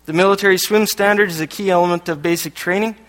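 A man's voice: high voice, fairly even intonation, quick pace, a bit bright. Light-voiced man preaching in an echoey hall. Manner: joking asides between read passages. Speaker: lay preacher. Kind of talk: sermon. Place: church hall. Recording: echoey hall with long reverb.

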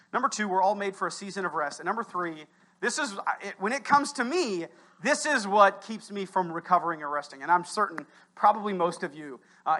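A pastor preaching to his congregation in church, conversational with asides to listeners, swinging between loud emphatic bursts and quiet low stretches. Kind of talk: sermon. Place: church sanctuary.

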